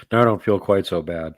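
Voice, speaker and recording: A man's voice: low-pitched, dry recording. A man hosting a live show in casual chat, rambling and joking as he answers viewers' comments by name. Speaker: podcast host.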